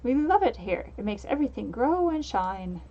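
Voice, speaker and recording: A woman's voice: a little high, very animated, moderate pace. A woman voicing a proud, cheery creature merchant who sells dung, heard through a dull lo-fi mic.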